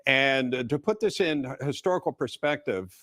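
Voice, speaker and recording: A man anchoring live TV news coverage, speaking in a measured, conversational way and putting a question to a guest. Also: medium pitch, lively intonation, fairly bright tone, dry recording, clean studio sound.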